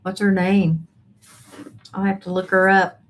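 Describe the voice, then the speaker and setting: A woman's voice: mid-range voice, level tone, unhurried. A woman hosting a casual livestream from home, chatting and greeting viewers by name. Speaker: livestream host reading viewer chat. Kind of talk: casual live chat. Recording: faint background noise.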